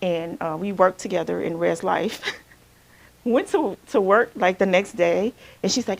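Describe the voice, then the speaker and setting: With a fairly low, gravelly voice and a measured pace, an Alabama woman leads a group workshop as a counselor. The talk involves group sharing, and her casual, conversational manner features her asking "right?" again and again.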